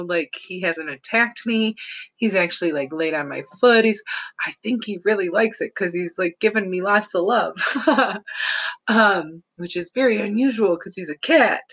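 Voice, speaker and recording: Woman rambling thru a story, low-ish voice, chuckles a lot, super casual. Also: fairly bright tone, rough recording. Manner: rambling, chuckling often between phrases.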